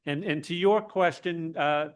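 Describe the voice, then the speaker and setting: Man, public testimony, earnest, halting, smooth resonant voice. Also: on the high side. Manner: earnest, halting, with many restarts, turns emotional. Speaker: public commenter, state legislator.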